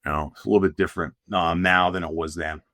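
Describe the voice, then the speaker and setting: Low rambling man from Pennsylvania. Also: fairly even intonation, fast, pushed and bright, no room sound, clean studio sound. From Pennsylvania coal region. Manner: rambling, many fillers and restarts. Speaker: former player, guest. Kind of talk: casual storytelling.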